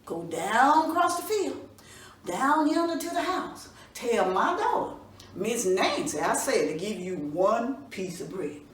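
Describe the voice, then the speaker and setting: A woman voicing a hardworking male farmer in a folk tale, giving folksy, brisk instructions. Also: on the high side, big pitch swings. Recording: roomy echo from a distance, faint room noise.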